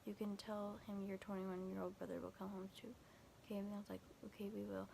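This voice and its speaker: A young vlogger moves at a quick pace through a casual storytime about a frightening night, her flat, gravelly voice carrying vocal fry. Quotes of texts arrive constantly as "I was like" and "he's like," amid rambling, fillers and frequent restarts, with faint ambient hiss.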